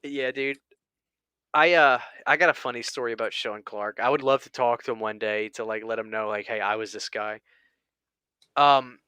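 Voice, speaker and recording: A man's voice: medium pitch, pushed and bright, clean tone, no room sound, studio quality. A man hosting a casual chat, telling a long story with many restarts and quoted lines. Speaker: channel host.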